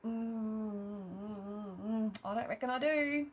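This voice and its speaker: A woman's voice: mid-range voice, slow, slightly rough. An Australian woman hosting a live craft stream, chatting casually and reading out viewer comments, laughing often and swearing cheerfully.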